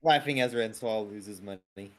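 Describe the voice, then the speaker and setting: A man's voice: on the low side, normal speed, heavy background noise. A man playing a tabletop game, wryly narrating his character's reactions. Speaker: player.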